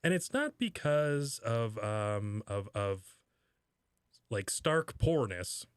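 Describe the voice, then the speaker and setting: Male podcast co-host, mid-pitched, sarcastic comic banter, dry booth sound. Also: animated, slow, smooth, dry recording. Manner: sarcastic, jokey, laughs often, mock outrage. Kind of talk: casual comedic chat.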